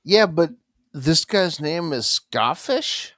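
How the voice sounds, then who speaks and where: A man's voice: fairly high pitch, animated, slow pace, a bit bright, no room sound, clean studio sound. A man co-hosting a podcast, joking in a laid-back, hesitant way. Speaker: podcast co-host. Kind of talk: casual chat.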